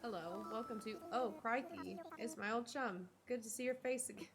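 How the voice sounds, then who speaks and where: A woman reading aloud the lines of a smooth-talking male skunk who sells shoes in a video game, in a playful tone. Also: on the high side, normal speed, a crowd in the background, close to an everyday voice. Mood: breezy.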